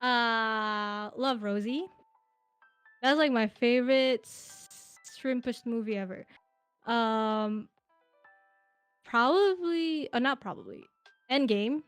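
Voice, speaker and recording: Young woman slowly thinking aloud. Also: on the high side, fairly bright tone, clean tone, no echo, soft background music. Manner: hesitant, laughing, thinking aloud. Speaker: podcast guest. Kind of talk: casual interview chat.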